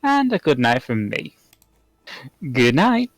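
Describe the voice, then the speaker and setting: A game master closes out a live tabletop game stream and runs through awards and sign-offs. The voice moves up and down a lot, and the sound is dry and close. The pitch sits in the middle. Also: wildly swooping pitch, takes it slowly, no room sound, soft background music.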